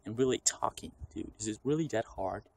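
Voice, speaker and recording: Low-voiced man ranting off the cuff. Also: a little fast, gravelly, background noise. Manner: rambling, profane, animated, acts out quotes. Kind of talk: unscripted rant to camera.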